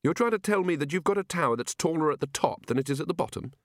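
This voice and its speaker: A man's voice: a little high, lively intonation, fast, dry recording, studio quality, voice pushed up, close to an everyday voice. A man voicing a nervous, put-upon male wizard who sounds wary and flustered.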